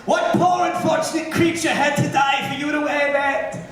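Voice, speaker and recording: A man's voice: extremely high pitch, fairly even intonation, moderate pace, over loud music. A man playing a brash, campy glam rock drag diva who teases her band and audience in live stage musical banter. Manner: camp, sardonic, teasing the band and audience. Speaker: stage show frontwoman. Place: large theater stage. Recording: echoey live theater from far off with loud audience.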